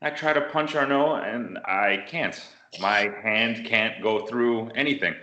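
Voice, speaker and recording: A man from the United States telling a martial arts story in an interview, animated and acting out what people said. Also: fairly low pitch, unhurried, muffled recording. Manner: animated storyteller, acts out quotes. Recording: roomy echo.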